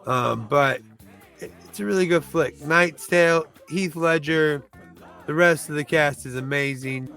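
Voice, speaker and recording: A man's voice: fairly high pitch, measured pace, bright, forceful tone, faint music behind. A man who reviews movies chats casually through a countdown, rambling loosely, restarting and groping for names.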